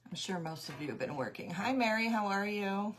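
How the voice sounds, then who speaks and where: A woman's voice: mid-range voice, lively intonation, fairly quick, a bit bright, a little hiss or hum. A woman hosting a craft livestream, chatting casually with viewers and greeting them by name while she works, her voice going in and out.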